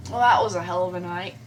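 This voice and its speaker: A woman hosting a game playthrough, reading a visual novel aloud in an expressive, animated way and adding her own comments. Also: medium pitch, distant mic, poor audio. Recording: voice from away from the mic with faint hiss.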